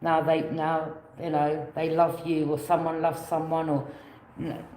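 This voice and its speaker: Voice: mid-range voice, level tone, unhurried, darkish tone, echoey room, poor audio. A tarot reader giving a casual reading, rambling, repeating phrases and offering loose alternatives.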